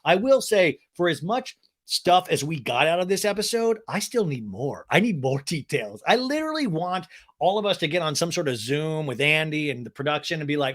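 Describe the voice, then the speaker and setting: A man in his thirties hosting a comedic TV recap podcast, sarcastic and animated. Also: fairly high pitch, moderate pace. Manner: animated, sarcastic, jumps in and out of voices. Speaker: podcast host.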